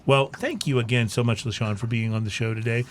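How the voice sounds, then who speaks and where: A man hosting a casual podcast chat, halting and full of filler words, with a joking tone. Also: medium pitch, fairly even intonation, slight background noise. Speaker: podcast host.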